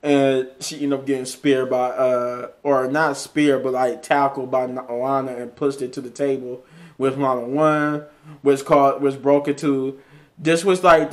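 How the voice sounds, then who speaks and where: Man rambling through a flat-toned recap. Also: mid-range voice. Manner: rambling, frequent restarts and self-corrections; chuckles often while recounting. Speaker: wrestling show reviewer. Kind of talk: casual solo review recap.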